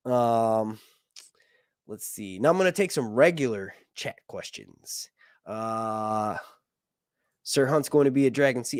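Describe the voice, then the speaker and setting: A man's voice: medium pitch, expressive, slow pace, long pauses, dry recording, studio quality. A man hosting a casual live stream, reading viewer messages aloud and chatting with lots of laughs and energy. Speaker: livestream host.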